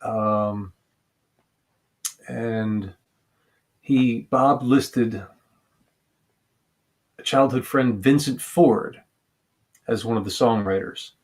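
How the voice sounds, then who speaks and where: A man talking casually about a song's meaning in a halting, hesitant way, often pausing and restarting. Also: mid-range voice, a little mellow. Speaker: vlogger discussing a song. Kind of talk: casual musing monologue.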